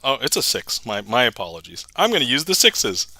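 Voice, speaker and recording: A young male streamer with a bright, forceful voice chats casually with his viewers, laughing often as he replies to chat. His voice sounds dry and close, with no room echo. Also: medium pitch, wildly swooping pitch, measured pace. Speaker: magic livestreamer.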